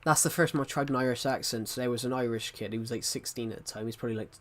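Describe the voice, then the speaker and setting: A man streaming and chatting to his viewers in a loose, rambling way. His sentences often restart mid-thought. His voice sits at a mid pitch for a man. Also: very fast, a bit bright. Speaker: livestreamer. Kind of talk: casual livestream chat.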